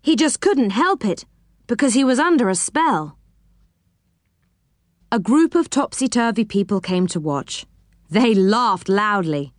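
A woman reading a children's storybook aloud, expressive and dropping her voice for each speech tag. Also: mid-range voice, measured pace, pauses often, dry recording, studio quality.

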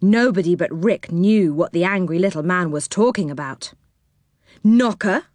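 A woman reading a children's storybook aloud, gentle and expressive. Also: lowish voice, moderate pace, dry recording.

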